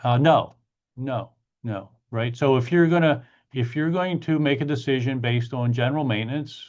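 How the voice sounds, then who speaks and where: A man's voice: medium pitch, darkish tone, dull audio. A middle-aged man, an attorney hosting a monthly Q&A, explains in casual talk, stressing key points by repeating them. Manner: emphatic, repeats key points, acts out clients in quick asides. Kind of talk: casual explanatory talk answering chat questions.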